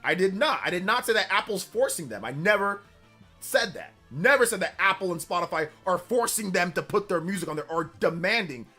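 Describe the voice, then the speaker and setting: A man's voice: high-pitched, animated, brisk, bright, forceful tone. A young man hosting a casual livestream, defensively answering chat comments and repeating his point, with music playing behind him. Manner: defensive, repeats himself, argumentative. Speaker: livestream host. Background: background music.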